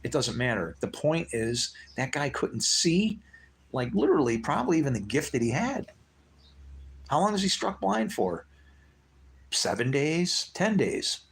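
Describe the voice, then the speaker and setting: A man's voice: medium pitch, sing-song, measured pace, breathy edge. A man hosting his own live stream, rambling loosely between thoughts, swearing freely and laughing to himself. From United States. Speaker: livestream host.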